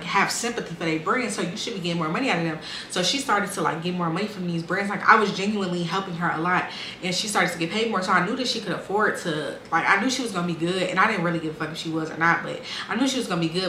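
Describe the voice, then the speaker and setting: A woman's voice: on the low side, fast, sharp tone. A young woman, telling her life story casually and bluntly, swearing freely and acting out what people said. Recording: echoey room with faint ambient noise.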